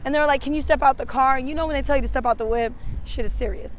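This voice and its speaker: A woman's voice: high-pitched, rapid-fire, slight background noise. A woman telling a personal story in casual, profane, slang-heavy speech. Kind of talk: casual street-interview storytelling.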